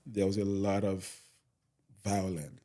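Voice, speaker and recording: A young man speaks earnestly as a podcast guest. His voice sits fairly low and sounds mellow. He leans on "you know" as he tells his story. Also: flat delivery, takes it slowly. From Nigeria. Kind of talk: casual interview storytelling.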